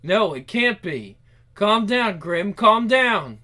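A man's voice: sits high, sing-song, slow pace, bright, forceful tone. A man voicing a game's hero, thinking aloud in a panicky way and swearing often. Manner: cursing, panicky, talks to himself. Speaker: player voicing the protagonist. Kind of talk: game voice-over playthrough.

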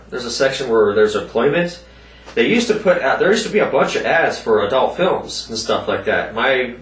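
A man of middling pitch talks loosely to his viewers, rambling from one thing to the next and swearing often. His voice sounds a bit distant from the mic, and the room around him gives it a noticeable echo. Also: a bit bright. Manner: rambling, swears a lot, voices quoted people in a higher pitch. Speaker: vlogger. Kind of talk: casual profane rant to viewers.

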